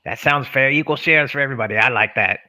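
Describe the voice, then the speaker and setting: A man's voice: mid-range voice, quick pace, sharp tone. A man playing a tabletop game in character, cocky and chatty, swearing casually. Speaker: player. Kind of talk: in-character tabletop role-play.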